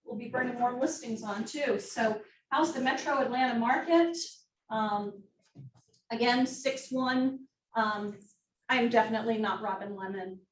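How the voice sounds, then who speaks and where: A woman's voice: on the high side, unhurried. A woman running an office team meeting presentation, upbeat and making joking asides. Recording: roomy, distant mic, faint noise.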